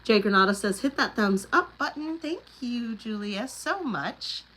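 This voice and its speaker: A woman's voice: a little high, lively intonation, a little slow, fairly bright tone, slight background noise, low-quality recording. A middle-aged woman, chatting casually on a livestream and reading out viewer comments. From Oklahoma Panhandle. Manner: chatty, laughs often, rambling asides. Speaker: livestream host.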